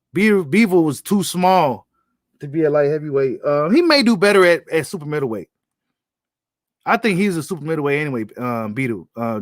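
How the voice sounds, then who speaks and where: A man's voice: a little high, a bit bright, no room sound, clean studio sound. Blunt, slangy man talking boxing. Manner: blunt, slangy, repeats himself. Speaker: boxing commentator host. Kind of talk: casual live-stream commentary.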